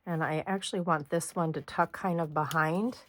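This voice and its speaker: A middle-aged woman hosting a hands-on scrapbooking tutorial, chatting casually as she works and clearing a slightly hoarse throat now and then. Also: low voice, steady tone, normal speed. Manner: chatty, talks while working, frequent throat clearing. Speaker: scrapbooking host.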